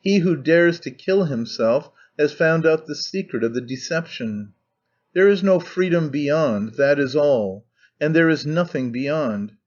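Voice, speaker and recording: A man voicing an intense, brooding young man obsessed with one idea, earnest and halting as he speaks. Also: on the high side, lively intonation, a little mellow, lo-fi sound. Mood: fervent. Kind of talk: audiobook character reading.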